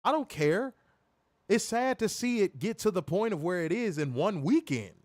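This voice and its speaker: A man's voice: sits high, expressive, normal speed, no echo. A man hosting a wrestling review stream, ranting in a profane, mocking, emphatic way. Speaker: wrestling show host. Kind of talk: casual profane rant on a livestream.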